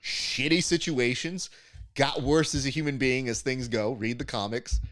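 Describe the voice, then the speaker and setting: A man hosting a casual podcast chat, animated and jokey, often slipping into mock voices for his stories. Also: mid-range voice, moderate pace, no echo, clean studio sound. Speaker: podcast host.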